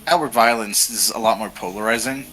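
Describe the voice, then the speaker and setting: A man playing a casual tabletop role-play game speaks hesitantly and thoughtfully, leaning heavily on fillers. His voice is on the low side, fairly quick, pushed and bright, with soft music in the background.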